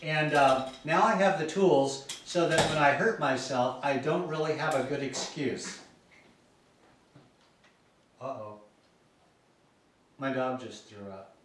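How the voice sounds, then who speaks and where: Animated man telling a story in an echoey room. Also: medium pitch, slow pace, long pauses, far from the mic, noisy background. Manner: animated, jokey, laughs through the story. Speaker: gardening channel host. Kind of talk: casual vlog storytelling.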